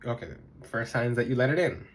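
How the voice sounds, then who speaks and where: A young man giving casual spiritual advice to his viewers, emphatic and repetitive, sometimes mimicking others in a high voice. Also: very animated, brisk, fairly bright tone. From South Florida. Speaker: spiritual vlogger. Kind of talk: casual advice monologue to camera.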